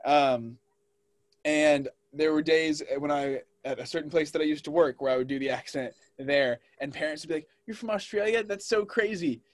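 A man's voice: a little high, steady tone, normal speed, no echo. A young man co-hosting a podcast in casual chat, telling stories and laughing easily. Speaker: podcast co-host.

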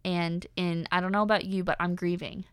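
A woman's voice: fairly low pitch, flat delivery, fairly quick, clean tone, dry recording, studio quality. A young woman hosting a personal podcast, talking candidly and animatedly with many fillers. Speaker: podcast host.

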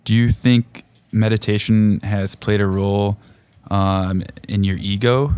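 A man in his twenties hosting a casual conversation, talking calmly and thoughtfully. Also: lowish voice, unhurried, smooth, no room sound. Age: 20s. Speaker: host.

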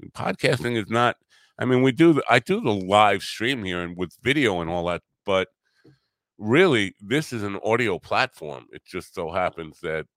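A man's voice: on the low side, animated, normal speed, fairly bright tone, dry recording. A man hosting a podcast, talking casually and at length, self-deprecating and full of fillers. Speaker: podcast host.

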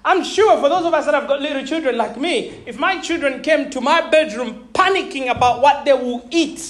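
A woman in her thirties preaching a sermon, animated and laughing often, checking in with her listeners and repeating words as she thinks. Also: sits high, fairly quick, few pauses. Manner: repeats words when searching for them.

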